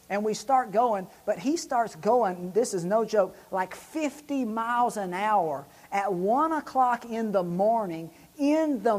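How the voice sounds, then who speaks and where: Man, animated storyteller, casual chat, excitable delivery. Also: high-pitched. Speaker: church staff member and show regular.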